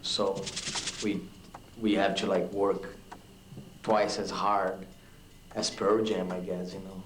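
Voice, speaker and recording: A man's voice: low voice, level tone, slow, a little hiss or hum. A young man, a touring musician, talking frankly and loosely in a casual documentary interview, with many fillers. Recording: roomy echo with music behind.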